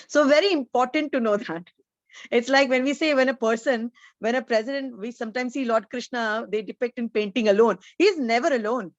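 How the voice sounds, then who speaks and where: A woman's voice: a little high, dry recording, dull audio. A woman giving an online scripture lecture, explaining each point earnestly, like a teacher.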